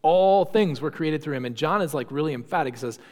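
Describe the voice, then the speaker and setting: A man's voice: a little high, animated, fairly quick, a little mellow. A man teaching an informal church class, talking conversationally with many fillers and restarts. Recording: long reverb of a hall.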